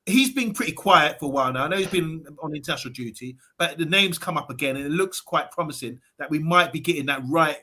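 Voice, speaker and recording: Casual podcast host, male, bright voice, halting delivery with fillers. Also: a little high. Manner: hesitant, many fillers. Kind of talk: casual football podcast chat.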